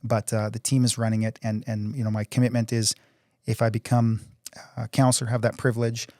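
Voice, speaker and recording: A man's voice: mid-range voice, level tone, a little fast, warm tone, no room sound, clean studio sound. A middle-aged man, a council candidate and oil company CEO, speaking earnestly in a casual interview with frequent restarts. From Canada.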